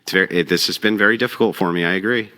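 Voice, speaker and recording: Brief: male debater, deep but very bright voice, drily probing. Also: rapid-fire. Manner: dry, probing questions. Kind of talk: live debate.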